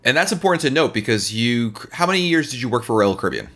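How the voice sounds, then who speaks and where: A man hosts a podcast in relaxed, jokey conversation. His voice is bright and crisp, and his pitch swings widely as he talks. He sounds playful and quick to tease. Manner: playful, jokey, lively delivery. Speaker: podcast host. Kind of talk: casual podcast chat.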